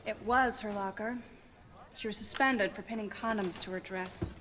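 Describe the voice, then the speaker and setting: A woman's voice: mid-range voice, moderate pace, fairly bright tone, lightly acted. Brief: woman playing a middle-aged mom, earnest and firm, long hallway reverb, faint hiss. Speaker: parent.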